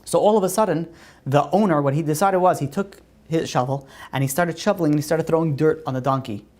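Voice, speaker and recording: A woman teaching a religious class and telling stories in a conversational way. Her pitch rises on emphatic questions. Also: fast, darkish tone.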